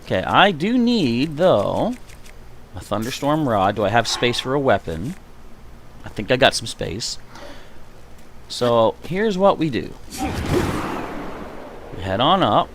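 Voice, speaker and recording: A man's voice: medium pitch, big pitch swings, slow, long pauses, noisy background. A man chatting to himself and his viewers while playing through a live stream, reacting as he goes. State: hiccuping. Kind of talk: gameplay live stream commentary.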